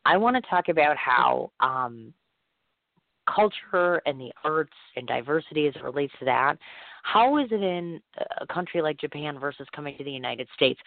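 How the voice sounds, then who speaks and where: A hoarse man with a cold hosts a talk-radio interview, chatty and eager. His voice sits a little high. It comes through a thin, phone-like line with no room sound at all. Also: dry recording. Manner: chatty and excitable. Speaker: radio show host. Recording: tinny dry phone line.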